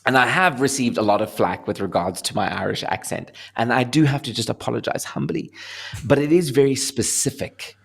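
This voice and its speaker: A young adult man with a South African accent, an actor talking casually in an interview and telling lively stories. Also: medium pitch, a little fast, gravelly, breathy edge. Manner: animated storyteller, laughing, acting out voices.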